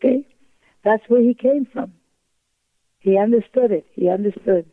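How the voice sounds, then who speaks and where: A woman's voice: a little high, normal speed, dry recording. An older woman calling in as a guest, telling stories with emphatic repetition. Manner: emphatic, repetitive, acts out quoted voices. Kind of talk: storytelling in a talk-show interview. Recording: tinny phone line.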